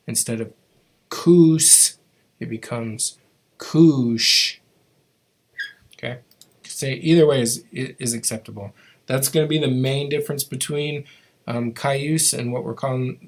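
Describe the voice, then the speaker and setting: A man teaching a language class, patiently explaining how to make each sound, with frequent ums and restarts. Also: medium pitch.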